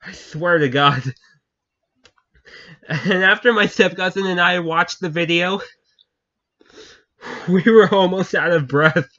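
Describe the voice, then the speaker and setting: A man's voice: high-pitched, slow, long pauses, bright, forceful tone. A man telling viewers a funny story in a casual chat, often breaking into laughter and repeating himself. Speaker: channel host. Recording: dull lo-fi recording.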